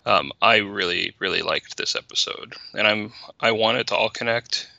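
A man's voice: fairly low pitch, normal speed, vocal fry, sharp tone, no echo, muffled recording. A man co-hosting a casual podcast chat, wry and orderly as he recaps the plot. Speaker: podcast co-host.

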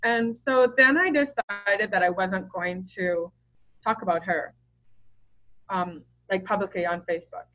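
A woman's voice: medium pitch, unhurried, fairly bright tone, rough recording. Chatty woman telling stories openly. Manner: open, chatty storyteller with many fillers and restarts. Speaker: podcast guest. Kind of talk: casual interview conversation.

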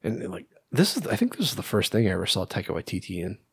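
A man with a low voice talks through a film in relaxed podcast chatter. He swears casually, laughs often and leans on fillers. The recording is dry and close, with no room sound. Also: quick pace, creaky, slightly rough, dry recording. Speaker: podcast co-host.

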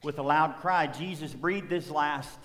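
A man's voice: on the high side, measured pace, fairly bright tone. Preaching man in a reverberant hall. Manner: preaching with swells of emphasis and repetition. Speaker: pastor. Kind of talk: sermon.

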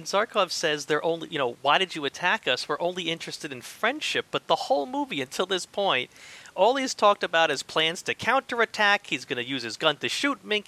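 Lively, bright-voiced man on a podcast. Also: on the high side, moderate pace. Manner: animated, laughs often. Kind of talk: casual movie discussion.

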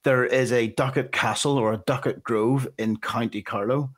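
A man co-hosts a casual podcast. His mid-range voice is relaxed and anecdotal, with a few hesitant starts along the way. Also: medium pitch, moderate pace. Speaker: podcast co-host. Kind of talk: casual chat.

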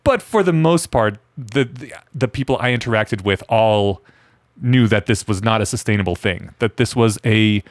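A man's voice: on the low side, moderate pace, dry recording. A man co-hosting a casual podcast conversation, talking in a chatty, enthusiastic way. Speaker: podcast co-host.

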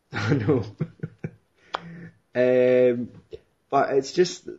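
A man's voice: medium pitch, drawn-out words, mellow, slight background noise. A young man rambling, swearing and laughing as he retells a film in casual chat. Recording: dull lo-fi recording.

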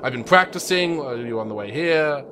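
A man's voice: mid-range voice, animated, moderate pace, noisy background, natural voice. A man voicing a smug, tall, pale, bald male villain who greets his foes with mock politeness.

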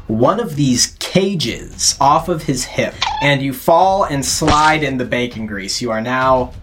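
A game master narrating a tabletop game with animated delivery and frequent laughter. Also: mid-range voice, slow pace, noisy background.

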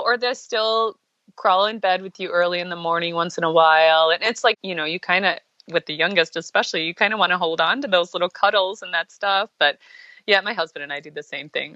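A woman's voice: lowish voice, fairly quick, dry recording. A middle-aged woman guest on a podcast, chatting casually and telling stories in an upbeat, agreeable way. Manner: animated storyteller, upbeat, agreeable. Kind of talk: casual conversational interview. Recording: dull lo-fi remote line.

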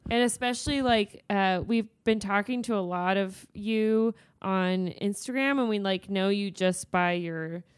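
A woman in her thirties co-hosts a podcast with a playful, teasing manner. Her voice sits at an ordinary middle pitch, and her humor runs crude. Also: unhurried, few pauses, clear, resonant tone. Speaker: podcast co-host. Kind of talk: casual chat.

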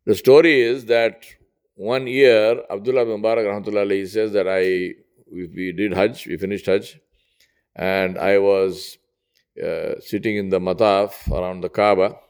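Man, low voice, storytelling sermon, conversational, pitch jumps up for quoted lines. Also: fairly even intonation, normal speed, a little mellow, smooth. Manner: conversational, rising high when quoting characters. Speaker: Islamic preacher.

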